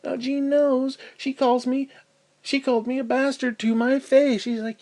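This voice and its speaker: Profane, high-pitched ranting man. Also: little pitch movement, moderate pace. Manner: angry, profane, swings between loud outbursts and low mutters. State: in pain. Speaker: vlogger.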